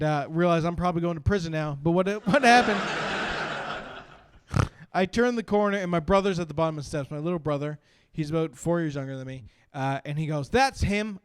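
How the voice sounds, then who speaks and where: A man, doing an animated stand-up set and laughing through his stories at a brewery. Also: fairly high pitch, background noise. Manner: animated storytelling with bursts of laughter. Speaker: stand-up comedian. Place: brewery stage.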